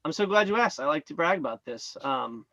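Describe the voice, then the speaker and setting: A man's voice: on the high side, animated, brisk, sharp tone, no echo, lo-fi sound. A man talking casually over a video call from a small trailer, laid-back and self-mocking, laughing often. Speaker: comedian guest. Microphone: webcam.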